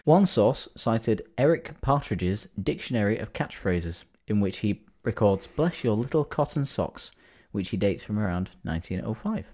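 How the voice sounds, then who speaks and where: Chatty low-voiced man reading notes. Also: normal speed, few pauses, dark tone. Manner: chatty, reads notes aloud, trailing restarts. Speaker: podcast co-host. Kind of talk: casual chat explaining a phrase's origin.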